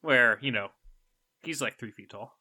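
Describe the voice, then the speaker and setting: A man's voice: mid-range voice, moderate pace, pushed and bright, breathy edge, no room sound. A young man co-hosting a podcast in casual chat, with dry, wry humor. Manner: dry joking, wry asides. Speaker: podcast co-host.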